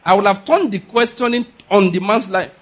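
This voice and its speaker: High-voiced husky male preacher. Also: normal speed, a bit bright. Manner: emphatic, drills points with call-and-response questions. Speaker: pastor. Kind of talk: sermon.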